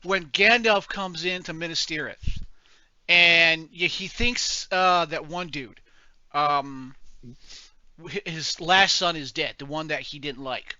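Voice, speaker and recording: A man's voice: fairly high pitch, clean tone, no echo. A man co-hosting a podcast, agreeing along and searching for words as he chats about a movie. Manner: relaxed, agreeable, halting with fillers. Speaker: podcast co-host. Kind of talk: casual movie discussion. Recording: dull, dry lo-fi mic.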